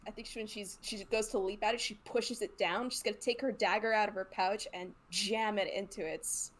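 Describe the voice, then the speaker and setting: A woman playing a tabletop game, excitable and quick to laugh, thinking out loud with many restarts. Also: medium pitch. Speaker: player.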